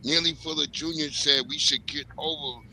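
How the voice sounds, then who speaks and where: A man's voice: a little high, steady tone, normal speed, bright, forceful tone, slight background noise, rough recording. A man on a casual panel, speaking bluntly and heatedly and swearing freely.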